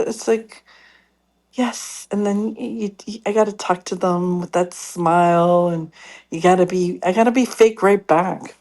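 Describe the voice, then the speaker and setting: A woman with a fairly low voice tells a story in a relaxed, chatty way. She jumps into what other people said to her and then back to her own voice. It sounds like casual call-in chat. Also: moderate pace. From Canada. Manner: animated storytelling, acts out others' lines.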